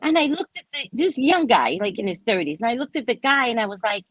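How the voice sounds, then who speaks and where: Middle-aged female host, casual storyteller, pitch jumps high and low, slightly husky. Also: quick pace, hardly any pauses, dry recording. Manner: animated, dramatic retelling with swings between loud and soft. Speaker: spiritual reader and show host.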